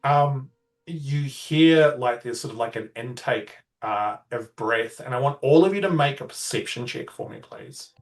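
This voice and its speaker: A man's voice: mid-range voice, lively intonation, unhurried, far from the mic, faint music behind. A man narrating as game master, loose and full of fillers.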